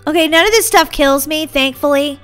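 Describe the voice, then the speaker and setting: Woman, very high voice, bright and sharp, bubbly and excitable, gaming commentary, faint music behind. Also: brisk. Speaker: gaming channel host. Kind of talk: playing a video game and commenting.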